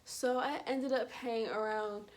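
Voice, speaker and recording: Young woman vlogger, slightly high voice, casual storytime, lively asides. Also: unhurried. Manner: chatty, animated retelling with asides and laughs.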